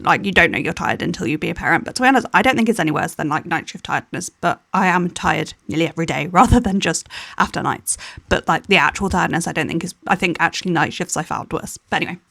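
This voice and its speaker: Tired young woman rambling through a voiceover, restarts a lot, bit of fry in the voice, dry close mic. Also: on the low side, dry recording. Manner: candid, rambling with restarts and little laughs. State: tired, yawning. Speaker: planner vlogger. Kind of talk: personal voiceover chat.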